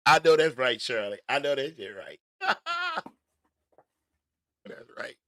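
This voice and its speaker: Man, host, casual commentary, bright forceful tone, dry close sound, stammering restarts. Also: fairly high pitch, slow pace, pauses often, no room sound. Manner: animated, stammers and restarts, emphatic.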